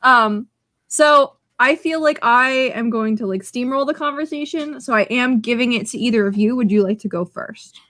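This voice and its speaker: Chatty higher-voiced woman podcaster. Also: brisk, few pauses, no room sound. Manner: excitable and chatty, strings stories together with "like". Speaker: podcast co-host. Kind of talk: casual podcast chat.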